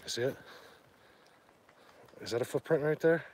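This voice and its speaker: A man's voice: medium pitch, normal speed. Rambling man livestreaming on a walk. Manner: rambling, excitable, addresses viewers. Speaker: livestream host. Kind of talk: casual livestream chat. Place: outdoors in woods during rain. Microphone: handheld phone.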